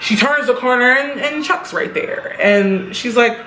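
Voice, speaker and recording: A woman's voice: a little high, unhurried, bright, forceful tone, reverberant, slight background noise. A woman giving a casual, blunt recap of a TV episode, swearing freely as she talks. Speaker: TV episode reviewer.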